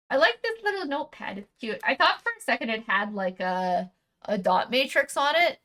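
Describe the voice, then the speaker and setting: A woman's voice: a little high, very animated, moderate pace, pushed and bright. A woman streamer chatting casually while unboxing, rambling and correcting herself, with a casual swear here and there.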